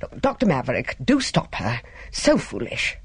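An audiobook reader voicing a brisk, managing female companion who gives orders, in a husky voice. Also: medium pitch, lively intonation, dry recording. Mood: bossy.

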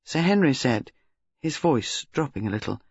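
A woman narrates a novel with expressive, lively intonation. Her voice is husky and breathy, and the recording is dry and slightly lo-fi. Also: rumbling low, normal speed, no echo. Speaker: audiobook narrator. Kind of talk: scripted narration. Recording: slightly dull lo-fi audio.

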